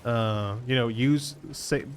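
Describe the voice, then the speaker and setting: A man's voice: mid-range voice, slow, a little hiss or hum. A man from the Canary Islands with a Spanish accent and Spanish as his native tongue, chatting casually in English while streaming a game and often restarting his words. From Canary Islands, Spain. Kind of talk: casual live gameplay chat.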